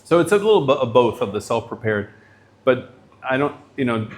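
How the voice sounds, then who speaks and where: A man's voice: medium pitch, big pitch swings, a little fast. A middle-aged man, a professor, giving a lecture in a casual, chatty way, full of likes and you-knows.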